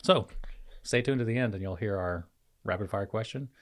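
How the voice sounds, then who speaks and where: A man's voice: lowish voice, normal speed, dry recording. A man co-hosting a podcast in a loose, joking chat, laughing often as he talks. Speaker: podcast co-host. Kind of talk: casual chat. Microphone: studio mic.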